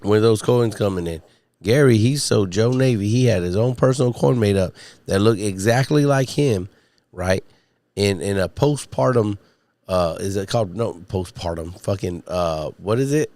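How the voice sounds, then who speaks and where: Low-voiced man, hoarse from a cold. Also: moderate pace, darkish tone, no room sound. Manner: rambling, profane, chatting to viewers. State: recovering voice after illness. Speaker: podcast host. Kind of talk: casual solo livestream chat. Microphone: studio mic with podcast mixer.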